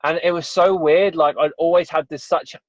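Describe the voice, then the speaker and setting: With a fairly high voice and fairly even intonation, this man from England tells a personal story at normal speed as a podcast guest in a casual interview. He rambles earnestly, frequently adding "you know" and "right?". The recording is dull and dry, with no room sound.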